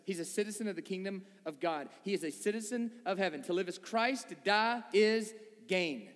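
A man preaching a sermon to a congregation, conversational and full of rhetorical questions. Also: sits high. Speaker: pastor. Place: church sanctuary before a congregation. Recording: long reverb of a large hall.

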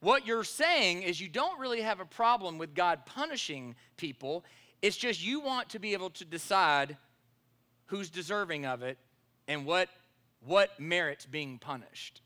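High bright-voiced pastor. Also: male voice, unhurried. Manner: animated storyteller, acts out dialogue. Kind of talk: sermon with a personal story.

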